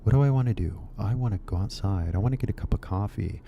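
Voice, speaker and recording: A man from California with a Californian accent, musing in a relaxed, rambling way while giving an English lesson. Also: on the low side, vocal fry, lo-fi sound, a little hiss or hum. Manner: laid-back, musing, drawn-out phrases. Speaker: English teacher. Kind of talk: casual rambling video lesson.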